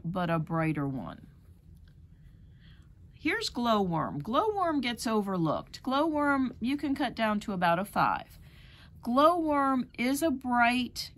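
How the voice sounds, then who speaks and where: A middle-aged woman teaching rug hooking, chatting through fabric colors one by one in a demonstration. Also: fairly high pitch. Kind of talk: demonstration lesson.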